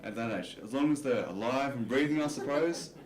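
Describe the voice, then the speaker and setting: A man's voice: mid-range voice, a little fast, crowd noise. A man doing a stand-up comedy set on a club stage, talking in a loose, self-deprecating way full of "you know" fillers. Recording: roomy club recording.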